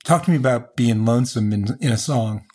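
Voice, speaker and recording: A man's voice: medium pitch, brisk, warm tone, slightly rough. Guy hosting an interview, asks curious probing questions, average voice. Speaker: interview host.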